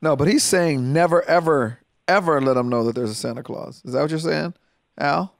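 A man co-hosting a casual comedy podcast, chiming in with quick wry remarks. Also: fairly high pitch, gravelly, no room sound, clean studio sound. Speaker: podcast co-host.

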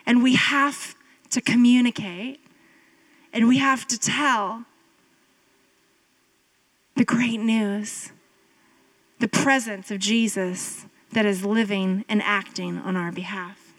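A woman pastor in her thirties gives a sermon like she's telling a story to friends. Her voice sits fairly high and her delivery is slow and unhurried. She fills it with casual asides and jumps up in pitch to drive a point home. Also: rough recording. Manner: animated storytelling, jumping up in pitch for emphasis; conversational, with filler "like" and asides.

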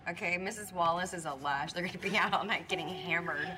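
A woman's voice: on the low side, fast talker, music in the background, lightly acted. An actress playing a brash, teasing teenage girl in a film scene. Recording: film clip with background noise.

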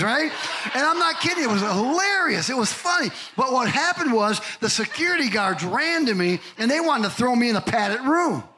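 An older male pastor preaching a lively sermon, telling stories and asking the congregation questions. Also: very high voice, a little hiss or hum, poor audio. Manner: animated storytelling, asks the congregation questions.

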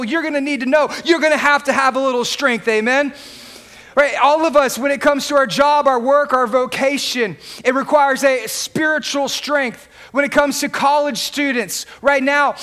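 A middle-aged pastor preaches in a very high voice, driving his points home through repetition. He builds to shouted peaks and leans hard on every phrase. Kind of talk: sermon.

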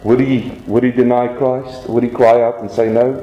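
A man's voice: mid-range voice, flat delivery, normal speed, dark tone, lo-fi sound, slight background noise. A man preaching a sermon, telling stories dramatically and asking the congregation rhetorical questions. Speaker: pastor. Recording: echoey church room.

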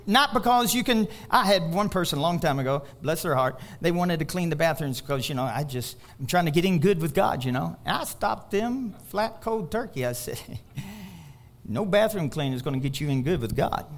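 A man with a high voice delivers a sermon as the pastor. He tells stories full of quoted dialogue, and his delivery grows animated as he climbs to near-shouts on his main points. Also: a little fast.

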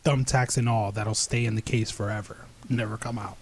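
A man's voice: on the low side, steady tone, moderate pace, darkish tone, a little hiss or hum. A man co-hosting a casual podcast chat, delivering joking trash-talk like a wrestling promo. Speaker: podcast co-host.

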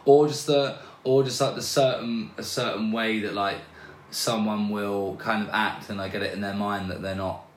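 A man speaks as a podcast guest in a relaxed, halting way, often restarting his sentences. His voice sits fairly low. The recording carries a noticeable room echo. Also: slight background noise. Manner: hesitant, with many restarts and fillers. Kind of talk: casual conversational interview. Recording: roomy echo.

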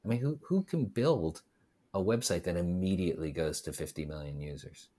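A man co-hosting a podcast, speaking in a measured, reflective way with fillers. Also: low-pitched, expressive, warm tone. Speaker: podcast co-host. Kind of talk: casual conversational podcast.

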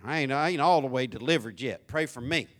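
A male pastor preaching a sermon, animated, moving from soft asides to shouts. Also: mid-range voice, brisk.

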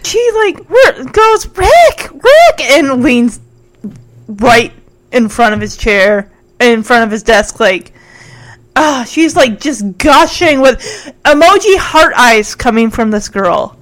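A woman casually recapping a TV episode, giggly and animated, acting out the lines. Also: high-pitched, rough recording. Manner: giggly, animated, acts out quotes. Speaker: recap host.

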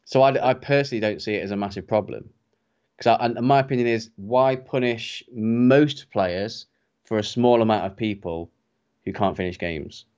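Man, guest on hobby chat, measured opinions, low voice, dull lo-fi sound. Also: darkish tone. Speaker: guest co-host.

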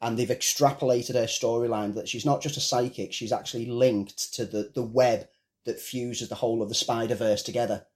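British guy hosting a film podcast, warm mellow voice, runs through the news. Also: medium pitch, fairly even intonation, a little fast. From Britain. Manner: newsy, explains film projects in detail. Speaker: podcast host. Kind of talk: casual chat.

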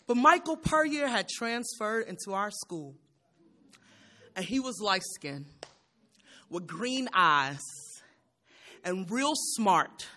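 A woman's voice: mid-range voice, expressive, takes it slowly, pauses often, pushed and bright. A woman poet performing spoken word, rhythmic and bold, with repeated refrains and a raw, humorous edge.

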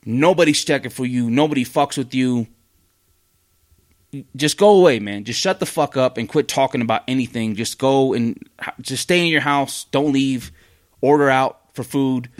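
Profane ranting man. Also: medium pitch. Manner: profane, blunt, heated, many fillers and restarts. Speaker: podcast host. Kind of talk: casual ranting commentary.

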